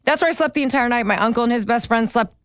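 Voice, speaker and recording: A woman's voice: on the high side, racing, no echo, studio quality. A woman guest on a podcast, casually telling a travel story and swearing now and then. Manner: laid-back, profane storyteller. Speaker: guest, host's best friend.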